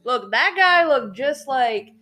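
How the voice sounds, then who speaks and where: Man, high voice, podcast co-host, casual movie chat, short reactive remarks. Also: expressive, takes it slowly, sharp tone, faint music behind.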